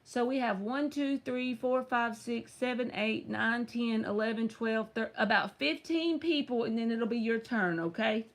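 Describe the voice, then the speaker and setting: Woman, tarot reader, casual live stream, teasing and chatty, slow delivery. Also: on the high side. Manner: chatty, teasing, addresses viewers by name.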